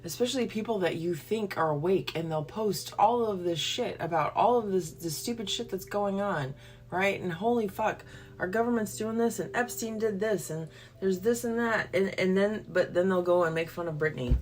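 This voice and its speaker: A woman's voice: medium pitch, moderate pace, darkish tone, slight background noise. A woman, hosting a livestream and ranting bluntly and profanely before a Bible reading. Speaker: livestream host. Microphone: phone or computer livestream.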